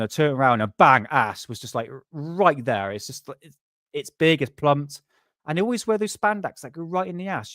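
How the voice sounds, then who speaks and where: A man's voice: fairly high pitch, fairly bright tone, no room sound, clean studio sound. A man who hosts a paranormal livestream. He rambles casually, laughs often and swears freely.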